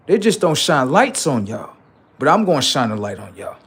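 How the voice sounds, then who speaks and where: A man's voice: mid-range voice, big pitch swings, moderate pace, husky. A man hosting a livestream, delivering a heated, profane and confrontational political rant that taunts his listeners. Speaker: livestream host.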